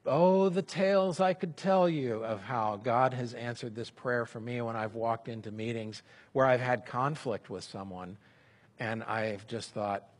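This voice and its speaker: A man giving a sermon in a relaxed, conversational way, speaking example prayers aloud as he teaches. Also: mid-range voice, measured pace. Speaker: pastor.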